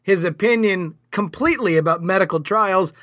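A man with a high, bright voice co-hosts a podcast and lays out playful, teasing hypotheticals. His tone is sharp and lively, and the sound is dry and close. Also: moderate pace, no echo. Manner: playful, teasing, sets up scenarios. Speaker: podcast co-host. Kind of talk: casual comedic chat.

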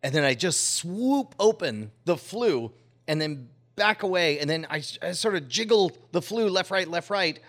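Man, 40s, casual podcast storyteller, halting and chuckly, voice sits a bit high. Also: lively intonation, a bit bright. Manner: rambling, halting with many restarts and laughs.

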